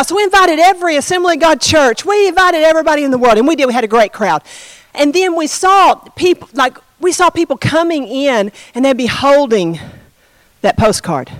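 A woman pastor telling a story in a sermon, expressive and conversational, addressing her congregation. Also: high voice, fairly quick, dry recording.

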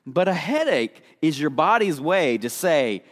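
Chatty preacher man, high-ish voice. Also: sing-song, unhurried. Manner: casual, filler-heavy, acts out quoted voices. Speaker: pastor. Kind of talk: conversational sermon. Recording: long hall reverb.

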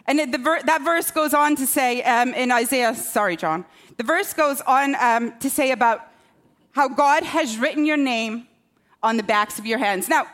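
At a moderate pace, the woman preaches in a high, slightly bright voice. She addresses the congregation casually, teasing herself and asking "okay?" to see if they're with her.

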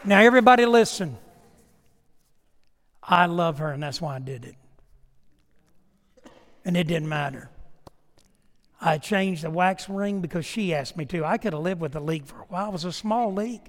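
A man's voice: fairly high pitch, normal speed, pauses often, a faint crowd. A male pastor, preaching a sermon through folksy, humorous storytelling that turns into earnest appeals. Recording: long hall reverb.

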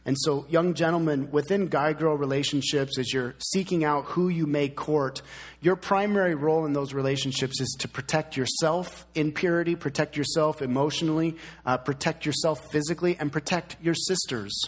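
A man's voice: fairly high pitch, steady tone, moderate pace. A man in his thirties preaching a sermon as pastor, emphatic and fond of repeating key words.

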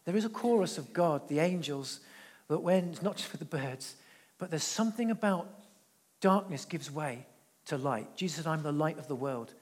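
A man preaching a sermon in a church, conversational, repeating his phrases and dropping quiet for intense moments. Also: on the high side, expressive, moderate pace, in a large hall. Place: church hall.

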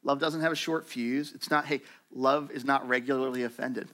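A man preaching a sermon to his church in a conversational, animated way, acting out quoted voices. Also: medium pitch, normal speed. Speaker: pastor.

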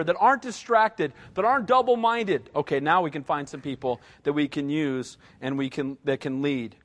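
A man's voice: high voice, a bit bright. A middle-aged male pastor giving a conversational sermon, repeating short punchy phrases and often checking in with the congregation by asking "right?".

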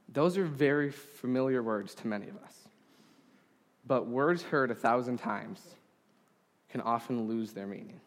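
A man preaching a sermon to a congregation, earnest and deliberate, with emphatic pauses. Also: mid-range voice. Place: congregation hall. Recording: long hall reverb.

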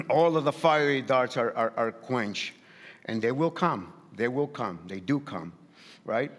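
A man's voice: medium pitch, lively intonation, a little slow, long reverb tail. A man preaching a sermon in a light accent, emphatic and repetitive, often restarting his phrases. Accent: non-native English. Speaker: pastor.

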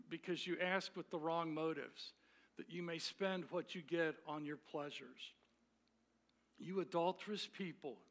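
Pastor guy giving a sermon, slow and deliberate, keeps restarting his words, bright clear tone. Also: fairly high pitch. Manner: earnest, with frequent repeated words and restarts.

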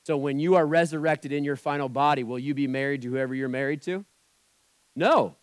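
A man's voice: on the high side, a little fast, dry recording. Conversational male pastor preaching a sermon. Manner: conversational preaching, acts out quoted voices.

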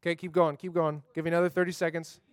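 Upbeat high-voiced man leading a class. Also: little pitch movement, racing, no room sound. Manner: upbeat, coaxing, checks in with the group often. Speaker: youth class leader. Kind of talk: leading a group scripture memory activity.

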